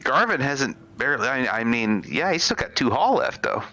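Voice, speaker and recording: A man's voice: medium pitch, sing-song, moderate pace, pushed and bright. A man co-hosting a live game stream, joking and self-deprecating in casual chat. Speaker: stream co-host and commentator. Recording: faint music behind.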